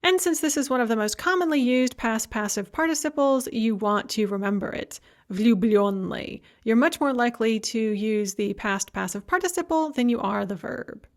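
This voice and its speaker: A woman's voice: fairly high pitch, animated. Woman lecturer explaining grammar patiently. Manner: explains patiently, slowing down to pronounce example words; light humor. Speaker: Russian language lecturer.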